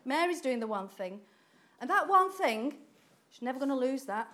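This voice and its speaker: A woman preaching a sermon in an animated way, acting out quoted voices and laughing often. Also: sits high, normal speed.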